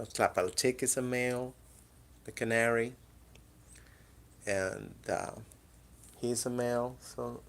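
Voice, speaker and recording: A woman chatting casually at home in her apartment, coaxing and teasing her cats in front of a camera. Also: rumbling low. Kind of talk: casual chat to pets at home. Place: apartment indoors. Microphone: camera in the room.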